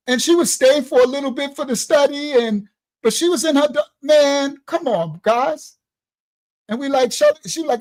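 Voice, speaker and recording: High-voiced man preaching with streetwise warmth. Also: moderate pace. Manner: animated, streetwise, laughing while he tells stories. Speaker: ministry leader. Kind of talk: livestream preaching to his congregation.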